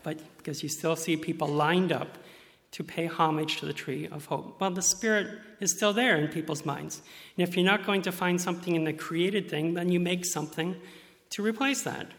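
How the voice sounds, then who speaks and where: Earnest male preacher, slightly high-pitched, reverberant hall. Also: steady tone, normal speed, a bit bright. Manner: earnest, acts out quoted voices in bursts. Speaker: pastor. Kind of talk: sermon.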